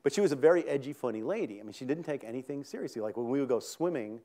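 A man's voice: mid-range voice, lively intonation, racing, mellow. A man in his sixties from New York State, an author telling rambling, self-interrupting comic stories on a theater stage and laughing at his own punchlines. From New York State, USA. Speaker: author guest. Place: theater stage before an audience.

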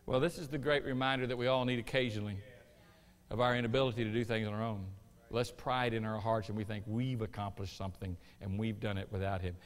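A man preaching a sermon as pastor, building to loud emphatic peaks between folksy asides. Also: lowish voice, fairly even intonation, fast, in a large hall. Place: church sanctuary.

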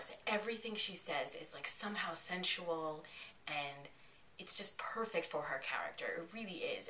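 Excitable woman in an echoey room. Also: on the low side, a little hiss or hum. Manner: excitable, chatty retelling with quoted lines. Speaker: vlogger reviewing an episode. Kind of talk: casual episode recap. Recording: echoey room, mic at a distance.

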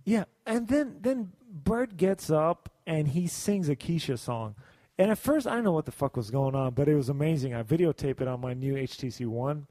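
A man hosting a podcast, telling rambling, excitable stories and swearing freely in casual chat. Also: a little high, moderate pace, no room sound. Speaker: podcast host. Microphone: video call setup.

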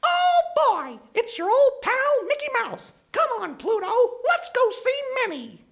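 A squeaky falsetto cartoon mouse. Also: male voice, wildly swooping pitch, a little slow, gravelly, a bit bright, exaggerated voice. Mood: cheerful. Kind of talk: cartoon voice impression.

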